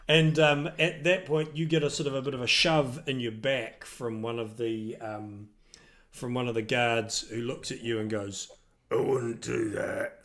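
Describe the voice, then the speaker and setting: A man runs a tabletop game as game master, describing scenes in a slow, halting way full of ums and restarts. His voice sits at a middle pitch. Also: fairly even intonation. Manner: hesitant, many ums and restarts.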